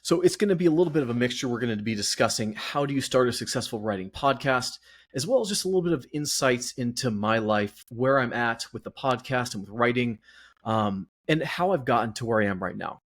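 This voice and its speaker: A man's voice: mid-range voice, lively intonation, a little fast. A man hosting his own podcast, out of breath and chatty, rambling along in a self-deprecating way. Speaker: podcast host. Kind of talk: casual solo podcast monologue.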